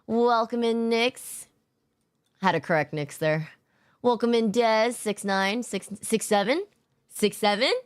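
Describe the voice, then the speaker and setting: A woman's voice: fairly high pitch, takes it slowly, smooth. A woman streamer chatting casually with her viewers after work, tired, loose and giggly, swearing freely and greeting chatters by name. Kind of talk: casual chat with live viewers.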